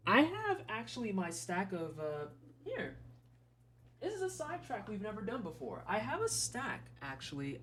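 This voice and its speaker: Streamer, Midwestern American accent, average pitch; loose, frank live commentary full of tangents and casual cursing. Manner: rambling, frank, swears casually. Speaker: streamer playing game demos.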